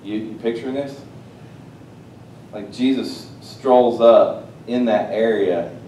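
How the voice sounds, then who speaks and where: A man preaching a sermon, swinging between loud, excited exclamations and hushed, quiet asides. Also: slow pace. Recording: roomy, distant mic with faint rumble.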